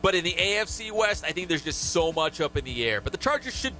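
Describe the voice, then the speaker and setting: A man's voice: a little high, sing-song, fast talker, bright, forceful tone, faint music behind. A young man hosting a sports radio show, chatting casually and animatedly with lots of hedging and fillers. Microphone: studio microphone.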